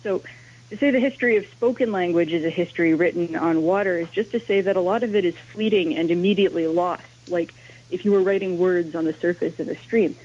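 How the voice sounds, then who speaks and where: A woman's voice: fairly low pitch, a little fast, a little mellow. Woman linguist explaining on lo-fi radio. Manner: explanatory, lecturing. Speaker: guest linguist, language history teacher. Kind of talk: radio interview. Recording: dull lo-fi radio sound.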